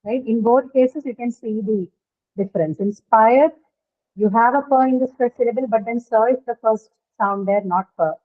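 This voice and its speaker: Woman, phonetics teacher, higher voice, tinny phone-like line, explains and quizzes. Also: moderate pace. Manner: explains step by step, asks students questions. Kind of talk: online class lecture. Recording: tinny phone-like call audio.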